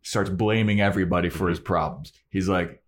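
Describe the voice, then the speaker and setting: Here a man co-hosting a podcast talks a little fast in a low register. His casual episode recap is lively, with the characters' lines acted out.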